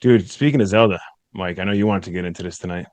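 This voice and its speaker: A man with a fairly low voice rants bluntly as he co-hosts a podcast, swearing at every turn. The sound is dry and close, with almost no room behind him. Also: fast talker, darkish tone, dry recording. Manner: blunt, profane ranting. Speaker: podcast co-host. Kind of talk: casual crude banter.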